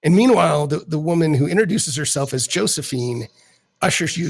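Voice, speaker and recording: A man narrating as dungeon master of a tabletop game in a rambling, halting way. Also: on the high side, animated, poor audio.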